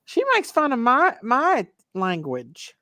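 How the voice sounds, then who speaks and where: A woman's voice: a little high, huge pitch swings, slow pace, bright, forceful tone. A woman with a Southern country accent chats in a folksy way, reacting eagerly to what she hears. Her voice rises and falls a great deal. It is easygoing livestream conversation. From Michigan. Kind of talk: casual chat.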